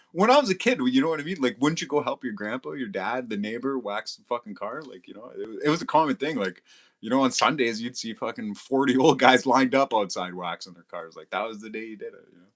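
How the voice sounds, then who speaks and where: A man's voice: medium pitch, animated, fairly quick, fairly bright tone. Foul-mouthed, boastful man. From Canada. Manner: profane, boastful and heated, swearing constantly. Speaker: livestream host. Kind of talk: casual livestream chat, reading comments aloud.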